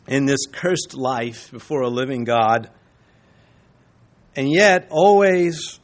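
A middle-aged male pastor preaching a sermon in a conversational way, with chuckles and asides. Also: medium pitch.

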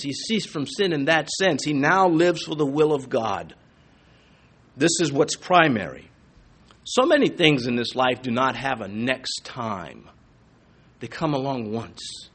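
Husky preacher man, lively delivery. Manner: preaching with sudden rises and hushed drops; reads scripture aloud in a lower, steadier tone. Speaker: pastor. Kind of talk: sermon.

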